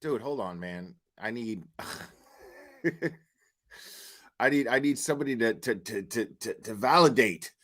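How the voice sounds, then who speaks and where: A man's voice: mid-range voice, lively intonation, slow pace, pauses often, a bit bright. A young man hosting his channel, ranting heatedly and profanely with stammering restarts. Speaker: channel host. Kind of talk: casual vlog rant.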